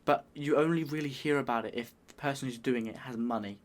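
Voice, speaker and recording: A man's voice: medium pitch, fairly quick. Bemused British man reacting casually. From United Kingdom. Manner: chatty, bemused and rambling. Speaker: reaction video host.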